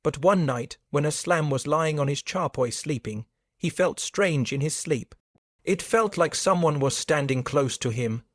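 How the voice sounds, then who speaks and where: A man narrating a scripted supernatural story in a steady, even manner. His voice sits at a middle pitch. The recording is dry and close with no room sound. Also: no echo.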